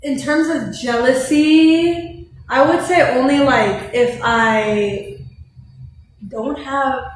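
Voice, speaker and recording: Young woman co-hosting a live stream, kinda high voice, lots of ums, super echoey room w/ a little hiss. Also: slow pace. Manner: hesitant, filler-heavy answers. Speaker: livestream co-host. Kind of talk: casual livestream chat. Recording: echoey room with faint noise.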